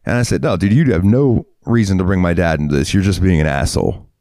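Low-voiced profane storytelling man. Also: fast talker, dark tone, no room sound, clean studio sound. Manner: profane, heated storyteller acting out quotes. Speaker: podcast co-host. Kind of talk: casual storytelling chat.

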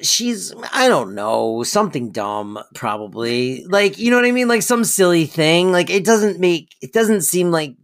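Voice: mid-range voice, lively intonation, a little slow, hardly any pauses. A podcast co-host chatting casually, making wry, joking asides.

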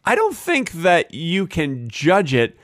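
A man co-hosting a comedy podcast, telling stories deadpan and acting mock-indignant. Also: fairly high pitch, slow pace, no echo, clean studio sound. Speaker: podcast co-host. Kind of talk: casual comedic chat.

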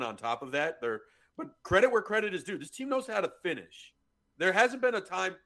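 Bright-voiced blunt male co-host. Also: mid-range voice. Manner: blunt, swears freely. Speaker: podcast co-host. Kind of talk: casual podcast chat.

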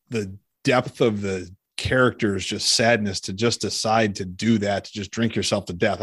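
A man in his forties hosting a casual podcast chat, relaxed and laughing often as he leads the talk. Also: on the low side, dry recording, studio quality. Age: 40s. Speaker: podcast host.

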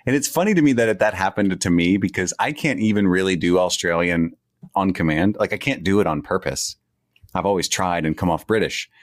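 A man's voice: low voice, brisk. A man co-hosting a podcast, joking and riffing casually with laughing asides. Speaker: podcast co-host. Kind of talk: casual chat.

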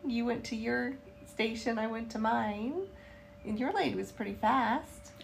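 A podcast co-host from Charlotte, North Carolina, USA, tells a travel story in a casual recap chat, laughing often and acting out quotes as an animated storyteller. Her voice is on the high side and creaky, with a measured pace and a little hiss or hum.

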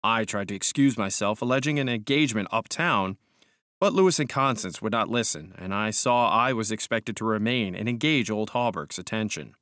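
A man narrating an audiobook in a measured, calm, steady way. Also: lowish voice, no room sound, studio quality. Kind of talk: scripted narration.

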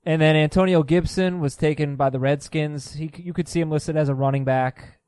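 A man's voice: on the high side, steady tone, normal speed, darkish tone, clean tone, no echo. A man co-hosting a fantasy football podcast, speaking in a plain, matter-of-fact way. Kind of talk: casual podcast discussion.

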